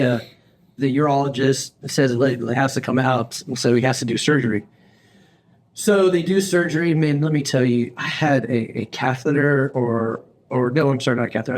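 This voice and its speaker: Male podcast co-host, lively storyteller who plays every quoted voice, mid-range pitch. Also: normal speed. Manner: animated, acts out quoted voices, frequent restarts; laughs often while telling stories. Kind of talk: casual storytelling chat.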